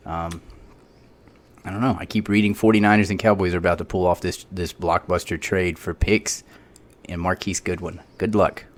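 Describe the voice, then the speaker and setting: A man co-hosting a casual podcast, rambling and joking through sports banter. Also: low-pitched. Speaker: podcast co-host. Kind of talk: casual chat.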